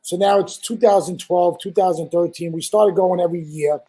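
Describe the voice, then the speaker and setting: A man from Staten Island with a New York accent, telling a profane, animated anecdote as a guest in casual chat. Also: high-pitched, normal speed, breathy edge, poor audio. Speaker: guest storyteller.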